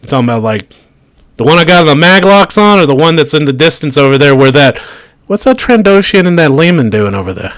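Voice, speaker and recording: A man voicing a gruff male alien shop owner, wary and blunt, with a brusque, impatient manner. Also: on the high side, very animated, a little fast, fairly bright tone, dry recording.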